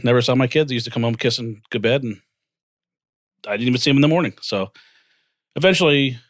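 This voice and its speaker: Fast-talking man in his forties. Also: mid-range voice, dry recording, clean studio sound. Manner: animated, acts out dialogue in quotes. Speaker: guest, financial firm co-founder. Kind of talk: casual storytelling interview.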